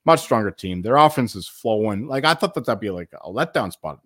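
Lively stammering man swearing casually. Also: lowish voice, fairly quick, no echo, clean studio sound. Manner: rambling, stammering repeats, lots of swearing. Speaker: podcast co-host, bettor. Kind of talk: casual betting podcast chat.

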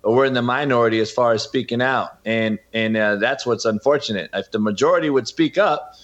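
A man's voice: mid-range voice, brisk, fairly bright tone, muffled recording. A man, a podcast host and former coach, talking as a guest in a heated, emphatic and preachy way. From California. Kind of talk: heated interview talk.

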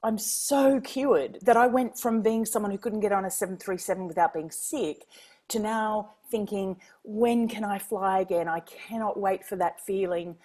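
A woman from Queensland, an author and former foreign correspondent, telling animated anecdotes in an interview and laughing often. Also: medium pitch, moderate pace. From Queensland, Australia. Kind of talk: interview storytelling.

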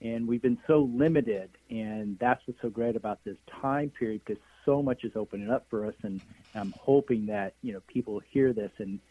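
A man's voice: medium pitch, moderate pace, no echo. A man guest on a phone-in interview, talking enthusiastically with many fillers and trailing phrases. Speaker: guest, energy healer. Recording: tinny phone line, dry.

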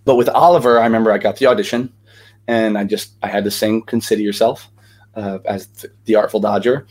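A man's voice: fairly low pitch, steady tone, a little fast, darkish tone. A young man, a guest actor, telling stories in a casual interview with lots of energy and many fillers.

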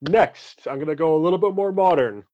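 A man's voice: a little high, fairly quick. A man hosting a casual sports podcast, joking and restarting his sentences as he makes his picks. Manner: relaxed, joking, restarts often. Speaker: podcast host. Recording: dull lo-fi audio.

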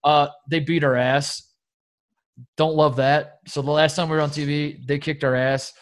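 A man from Indiana co-hosting a podcast in casual chat, telling animated stories and swearing freely. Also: on the high side, normal speed. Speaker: podcast co-host.

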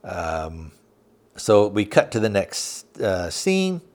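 Male podcast host, slightly low voice, loose and halting plot recap. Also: sing-song, darkish tone. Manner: rambling, halting, many fillers, acts out quotes loosely. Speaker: podcast host reviewing a TV series. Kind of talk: casual recap, plot retelling.

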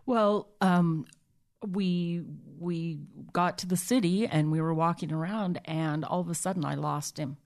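A woman guest recounting a personal story in a halting way, with many restarts and fillers. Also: lowish voice, steady tone, a little mellow. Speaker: interview guest.

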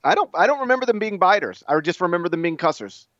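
Male podcast co-host, 30s, slightly high voice, animated and quick to laugh, dull lo-fi mic. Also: dry recording. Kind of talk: casual sports chat. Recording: dull, lo-fi sound.

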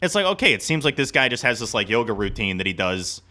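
Rambling through casual sports-podcast chat, this male co-host keeps restarting his thoughts, cutting himself off and laughing a lot. He speaks quickly in a mid-range voice that's very animated, pushed, and bright.

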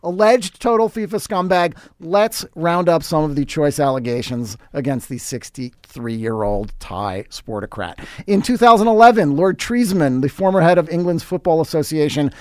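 A man's voice: on the high side, expressive, moderate pace, hardly any pauses, no echo, clean studio sound. A man hosting a podcast, reading scripted sports commentary with sarcastic, wry asides. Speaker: podcast host.

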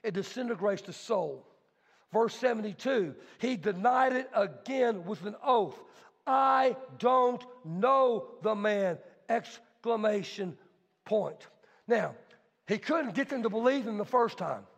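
A male pastor preaching a sermon with emphatic delivery that swings between soft talk and shouting, and he poses questions to the congregation. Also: sits high, expressive, measured pace, creaky, husky. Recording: long hall reverb.

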